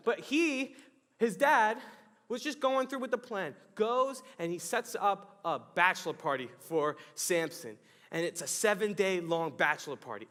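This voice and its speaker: A man's voice: high-pitched, fairly bright tone, long reverb tail. A young adult man giving a youth sermon, telling the story with jokes and acted-out exclamations. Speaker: youth pastor. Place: church youth hall.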